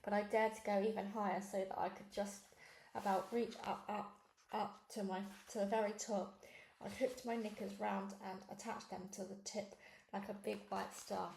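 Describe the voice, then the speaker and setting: A woman reading a children's novel aloud in a lively first-person storytelling way. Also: mid-range voice, normal speed, creaky, roomy sound, a little hiss or hum. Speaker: reader. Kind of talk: storybook read-along narration.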